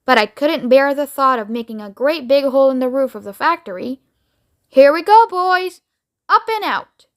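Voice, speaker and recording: Woman playing an eccentric man, candy maker, bubbly, exclamatory, high voice, storybook. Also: brisk, hardly any pauses, fairly bright tone. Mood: gleeful.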